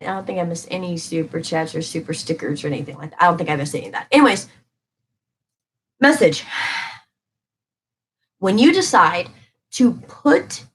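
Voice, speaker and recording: A woman talks through a live tarot reading in a chatty, emphatic way and answers her viewers' comments as they come in. Her voice sits at an ordinary middle pitch. A faint hiss runs under the recording. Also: a bit bright, poor audio. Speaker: tarot reader streaming live.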